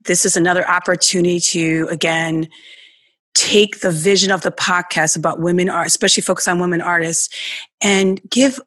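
A woman who runs an art podcast, a guest in an interview, explaining in an earnest way and now and then dropping into soft, breathy words. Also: lowish voice, no room sound. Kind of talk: conversational interview.

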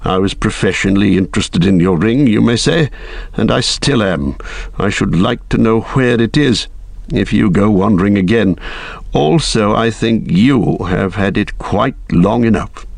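Brief: calm old wizard, deliberate and probing, read by a male narrator, gravelly voice. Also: lowish voice, no echo. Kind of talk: audiobook reading.

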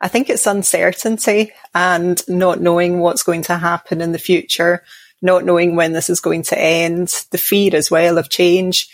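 A woman from Scotland with a Glaswegian accent, a mindfulness coach speaking calmly and in measured explanations as a podcast guest. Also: lowish voice, no echo. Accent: Glaswegian Scottish. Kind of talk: podcast interview.

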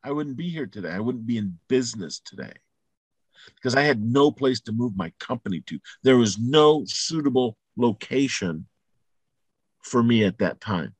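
A man giving a motivational talk, blunt and emphatic, repeating his points and building to loud peaks. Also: medium pitch, lively intonation, normal speed, breathy edge, dry recording. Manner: salty, blunt language. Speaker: motivational speaker.

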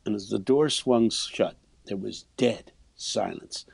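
A man's voice: lowish voice, takes it slowly, gravelly, darkish tone, slightly rough, no room sound. A man in his eighties, a preacher telling a personal story, often repeating his words and chuckling as he goes. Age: 80s. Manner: stammering repeats, chuckling as he tells. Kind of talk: storytelling anecdote.

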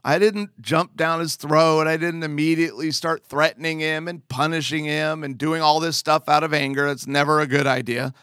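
A man's voice: a little high, fairly even intonation, normal speed, hardly any pauses, fairly bright tone, clear, resonant tone, no echo, clean studio sound. A man earnestly telling a personal testimony as a father, conversational with emphatic asides.

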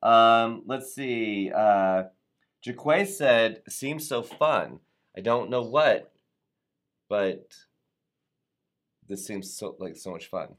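A man's voice: lowish voice, lively intonation, takes it slowly, long pauses. Upbeat man hosting a live chat. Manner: upbeat and playful, trips over words. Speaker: host of a live show. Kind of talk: live-stream chat reading viewer comments. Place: Atlanta area.

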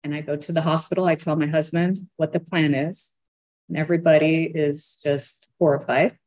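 A woman's voice: low-pitched, fairly even intonation, normal speed, a little mellow. A woman earnestly telling her own story, given to a nervous laugh. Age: adult parent of young children. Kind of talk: personal storytelling.

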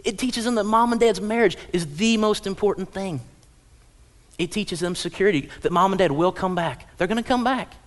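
Animated male pastor preaching a sermon. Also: high-pitched, normal speed. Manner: animated storytelling, acting out parents and kids. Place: church auditorium.

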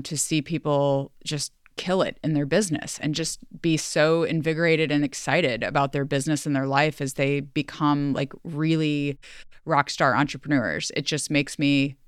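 Low-voiced woman hosting a heartfelt podcast. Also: fairly even intonation, moderate pace, clean tone, dry recording, clean studio sound. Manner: earnest and emotional, near tears; chatty with many fillers. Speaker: podcast host. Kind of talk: heartfelt solo podcast farewell.

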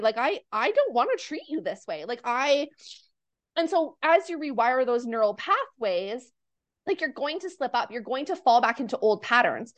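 A young woman, a podcast guest and mindset coach, talking in a casual, earnest and upbeat way, full of "like" fillers, tired and a little nauseous. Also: high-pitched. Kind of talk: casual interview chat.

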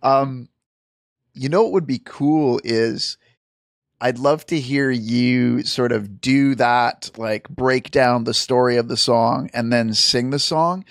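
A man's voice: mid-range voice, slow, dry recording, studio quality. A man hosting a podcast in casual chat, chatty, often restarting his sentences, with a light swear now and then. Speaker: podcast host.

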